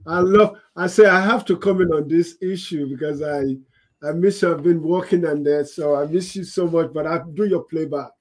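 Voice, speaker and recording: A man's voice: fairly high pitch, fairly even intonation, normal speed. A man calling into a live-stream, friendly and encouraging in casual chat.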